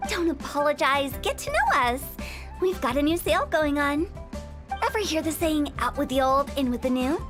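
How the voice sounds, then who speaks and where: A woman's voice: high voice, big pitch swings, normal speed, fairly bright tone. A woman voicing a playful, mischievous young funeral director in a video game, talking with teasing, giggly sales patter. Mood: pushy cheerful. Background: game music.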